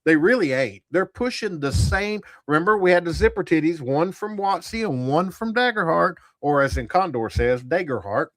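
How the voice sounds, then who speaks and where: A man's voice: a little high, lively intonation, moderate pace, few pauses, a bit bright, dry recording, studio quality. A man hosting a tabletop gaming channel, giving blunt, profane, rambling commentary to a live chat. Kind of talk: casual livestream commentary.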